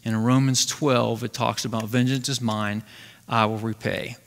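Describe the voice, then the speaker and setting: Guy doing a chatty bible study in a church hall, bright voice, big echo. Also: medium pitch, normal speed. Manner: conversational, animated retelling of scripture. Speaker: Bible teacher. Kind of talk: casual Bible study teaching.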